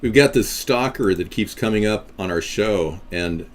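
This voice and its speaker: A man's voice: lowish voice, a little slow. A man hosting a political livestream in a casual, rambling way, with frequent restarts.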